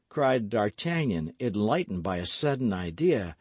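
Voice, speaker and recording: A male audiobook narrator telling a classic novel with dramatic expression, his pitch rising and falling freely. The recording is dry and close, with no room sound. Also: animated, measured pace, hardly any pauses, no room sound.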